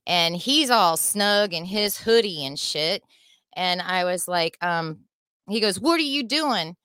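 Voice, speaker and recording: A middle-aged woman telling a personal story as a podcast guest, in a heated, profane and animated way. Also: lowish voice, takes it slowly, clear, resonant tone, dry recording.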